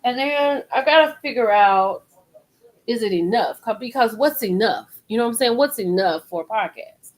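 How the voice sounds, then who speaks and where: A woman's voice: a little high, animated, normal speed, low-quality recording. Rambling woman chatting to viewers. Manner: rambling, repeats phrases, talks straight to viewers. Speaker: live stream host. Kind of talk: casual live-stream chat.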